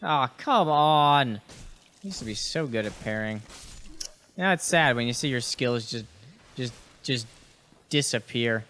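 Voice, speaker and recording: Bright and forceful, this young host's medium-pitched voice moves at a moderate pace with long pauses, over a slight hiss or hum. He rambles through gaming podcast commentary while playing, full of fillers, restarts, casual cursing, and remarks aimed at on-screen enemies.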